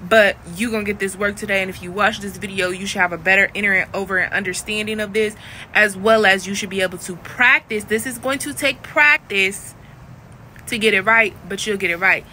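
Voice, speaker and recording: Chatty woman coaching, bright sharp voice, kinda jokey, a little noise behind. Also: medium pitch, fairly even intonation, brisk. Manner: chatty and frank, laughs at her own jokes. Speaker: voice coach for phone work. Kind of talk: casual direct-to-camera lesson.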